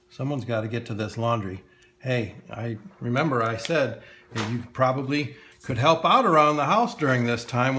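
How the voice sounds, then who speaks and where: A man teaching children to draw cartoons step by step, playful and talking straight to the kids, with frequent chuckles. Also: medium pitch. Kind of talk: step-by-step drawing lesson for kids.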